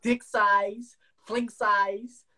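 A young man hosts a casual phone livestream, bragging and taunting a caller in a brash, trash-talking way with repeated jabs. His high-pitched voice is flat, extremely slow, and pushed and bright.

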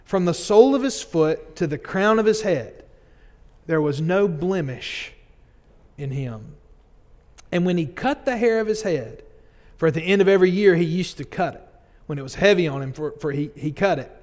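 A male pastor preaching a sermon earnestly, with quick asides where he acts out everyday moments. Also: high voice, expressive, a little mellow. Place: church sanctuary. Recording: long hall reverb.

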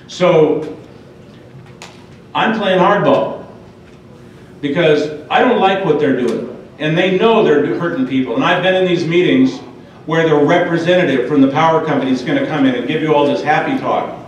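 A man's voice: on the high side, normal speed. A man giving an impassioned public talk at a forum, speaking emphatically and addressing the audience directly. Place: large echoey hall. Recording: dull, echoey, far-off hall recording.

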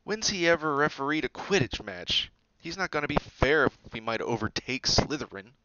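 A man's voice: on the high side, animated, normal speed, sharp tone, dry recording, lo-fi sound, pitched above the performer's own voice. A man voicing an indignant, spluttering teenage boy in a storybook reading.

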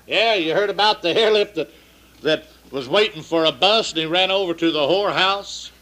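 Man, drawl, high voice, bright tone, folksy bawdy joke teller. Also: moderate pace, slight background noise, rough recording. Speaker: comedian telling truck-stop jokes.

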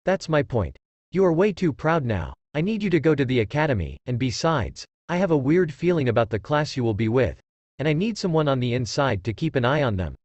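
A man's voice: medium pitch, sing-song, fairly quick, a little mellow, dry recording, highs cut off. A man doing a fatherly old village leader. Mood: firm. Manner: pleading, firm.

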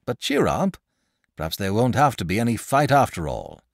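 A man's voice: fairly low pitch, wildly swooping pitch, normal speed, vocal fry, no echo, studio quality, pitched above the performer's own voice, full character voice. A man voicing an eager, blunt little boy in a storybook reading. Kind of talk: audiobook character voice.

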